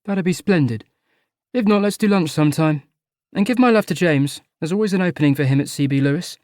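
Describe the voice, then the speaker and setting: A hearty, well-off businessman gushing with upbeat charm, as a man voices him in an audiobook. The voice sits noticeably higher than the narration, recorded close and dry. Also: expressive, a little fast, darkish tone, no echo, lightly acted. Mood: jovial. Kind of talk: audiobook character voice.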